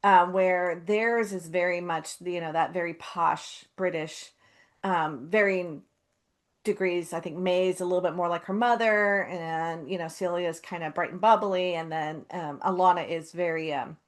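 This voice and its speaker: A woman co-hosting a casual chat, speaking thoughtfully with frequent pauses and fillers. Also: fairly low pitch, steady tone. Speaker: co-host.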